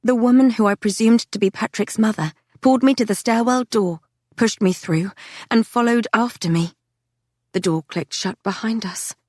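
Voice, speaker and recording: Woman reading a dark fantasy audiobook. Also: fairly high pitch, moderate pace, no room sound, clean studio sound. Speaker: audiobook narrator. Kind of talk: scripted audiobook narration.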